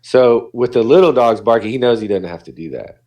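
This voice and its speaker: A man's voice: mid-range voice, animated, brisk, dark tone, muffled recording. A man, a dog behaviorist, talking casually on a podcast and acting out what dogs and people say.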